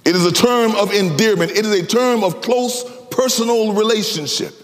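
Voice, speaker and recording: Dramatic male preacher in a reverberant hall. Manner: dramatic, swinging between slow low emphasis and high, sing-song rises. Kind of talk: sermon.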